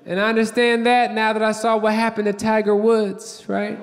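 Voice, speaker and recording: A man's voice: sits high, monotone, normal speed. A man doing a stand-up comedy set on a theater stage, telling brash, profane stories and acting out what people said. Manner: brash, profane storytelling with acted-out quotes. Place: large theater stage before a live audience. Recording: live theater with long reverb. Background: audience laughter.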